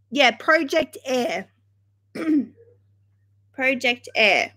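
A woman's voice: fairly high pitch, unhurried, fairly bright tone. A young woman hosting a casual livestream, chatting in a chatty, dramatic way and swearing freely. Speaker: livestream host.

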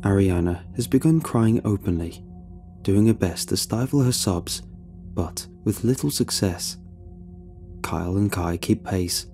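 A man narrating a scripted horror story in a slow, measured way. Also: deep voice, warm tone.

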